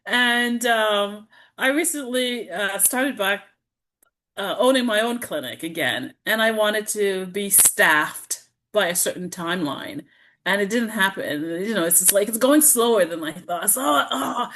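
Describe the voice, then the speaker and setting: A middle-aged woman who practices traditional Chinese medicine as a healer chats as a guest on a casual podcast, acting out her own self-talk amid lots of laughter. Her medium-pitched voice is expressive, unhurried, and a bit bright, with a little hiss or hum in the recording.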